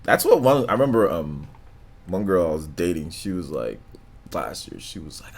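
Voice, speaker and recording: A man hosting a live stream, chatting casually with viewers in a low, monotone, laid-back way, full of slang and filler words. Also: normal speed, vocal fry, slightly rough. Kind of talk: casual stream chat, reading donations and comments.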